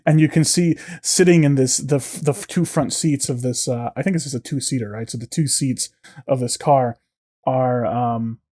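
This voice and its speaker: A man's voice: mid-range voice, steady tone, normal speed, mellow. A man narrating as game master of a tabletop game, hesitant and filler-heavy. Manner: hesitant, many fillers and restarts.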